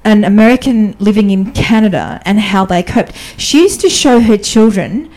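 A woman guest in a casual podcast conversation, speaking in a warm, mellow tone. She is candid and chatty, with frequent restarts and fillers, and her pitch jumps up when she tells a story. Her voice sits in an ordinary middle range. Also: normal speed. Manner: animated, often jumps up in pitch when telling stories. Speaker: guest, diplomatic spouse.

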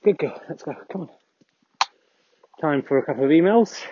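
A man's voice: a little high, lively intonation, normal speed, dull audio, slight background noise. Rambling man walking his dog outdoors. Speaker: podcast host. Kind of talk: casual walking monologue.

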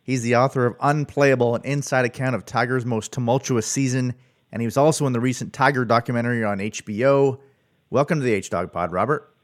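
A man's voice: medium pitch, a little fast. Easygoing Canadian podcast host man. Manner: upbeat, easygoing, laughs readily. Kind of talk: podcast hosting and interview.

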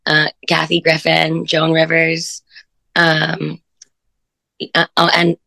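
Low, gravelly, bright-toned bubbly woman. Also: completely flat delivery, slow, dry recording. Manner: bubbly, rambling, filler-heavy. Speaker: comedian guest. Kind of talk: casual chat.

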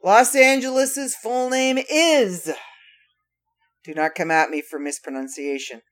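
A woman's voice: medium pitch, fairly even intonation, measured pace, fairly bright tone. A woman hosting a casual solo podcast, reading trivia facts aloud with playful, wry asides to her listeners. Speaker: podcast host.

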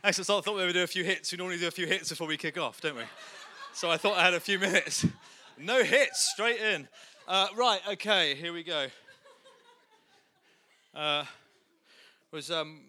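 A man's voice: on the high side, pushed and bright. A man giving a humorous, self-deprecating talk to a church audience, full of jokey asides. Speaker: guest speaker.

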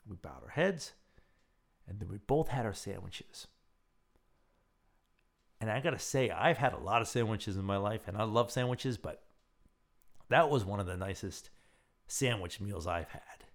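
A man's voice: a little slow, vocal fry, pauses often. A man hosting a podcast, casually telling a personal story and acting out the quotes in a raised voice. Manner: animated, acts out quotes in a higher voice; rambling with restarts and fillers. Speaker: podcast host.

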